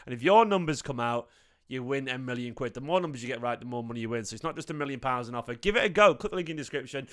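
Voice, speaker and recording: A man's voice: medium pitch, lively intonation, racing. A young man hosting a football fan live stream, chatting casually and rambling as he greets viewers from the chat. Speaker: fan channel host.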